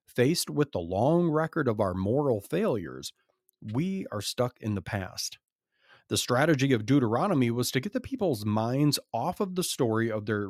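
Lively, emphatic man reading scripture. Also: mid-range voice, no echo, clean studio sound. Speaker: podcast host reading scripture. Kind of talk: Bible reading with commentary.

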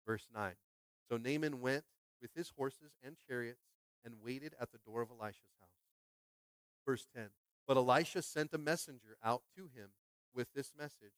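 A pastor preaching a lively sermon, acting out scripture characters and often checking in with the congregation. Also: male voice, normal speed, clear, resonant tone, dry recording. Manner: animated, acts out Bible characters with big pitch jumps; asks the congregation "are you with me?".

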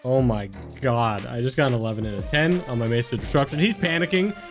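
A man's voice: mid-range voice, fast, music in the background. A man playing a tabletop role-playing game, talking casually and laughing often as he describes his character. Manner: giggly, animated, laughs a lot. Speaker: player.

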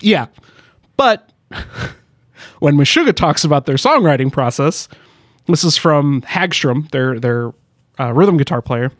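A man with a fairly high voice co-hosts a casual podcast chat, cracking jokes and laughing often as he reads quotes aloud. His voice sits close and dry on the mic. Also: lively intonation, slow pace, pauses often, dry recording. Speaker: podcast co-host.

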